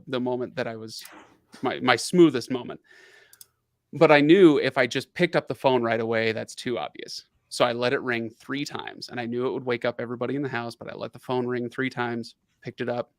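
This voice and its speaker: A man's voice: medium pitch, a bit bright. A middle-aged man telling a long personal story on a casual livestream. He talks animatedly, laughs often and uses lots of fillers and restarts, in a plain mid-range voice. The sound is dry and close, with no room echo. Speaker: livestream host.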